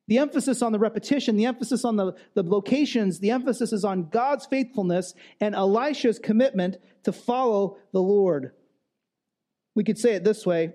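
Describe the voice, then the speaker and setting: A man's voice: sits high, moderate pace, dark tone. A male pastor giving a sermon in a conversational way, with restarts and emphatic repetition.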